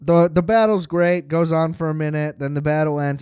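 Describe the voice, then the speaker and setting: A man's voice: a little high, moderate pace, few pauses, darkish tone, clear, resonant tone, no echo, studio quality. A man hosting a podcast, reviewing films in a rambling, sarcastic monologue full of fillers and swearing. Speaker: podcast host. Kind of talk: casual film review monologue.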